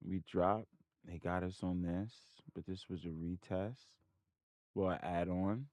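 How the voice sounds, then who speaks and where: A man's voice: deep voice, fairly even intonation, unhurried, a little mellow, dry recording. A man hosting a trading channel, thinking aloud over his charts and muttering in frustration at his computer. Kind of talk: casual screen-share commentary.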